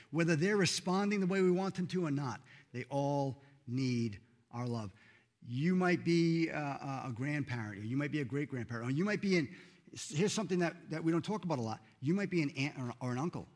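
A man preaching a sermon in a church, earnest and emphatic, rising loud then dropping soft. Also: on the high side, expressive, moderate pace. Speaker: pastor.

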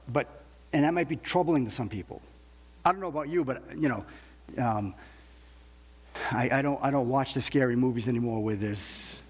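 Husky-voiced preacher with a reverberant sound. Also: male voice, medium pitch. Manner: conversational preaching with rhetorical questions and repeated restarts. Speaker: pastor. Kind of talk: sermon.

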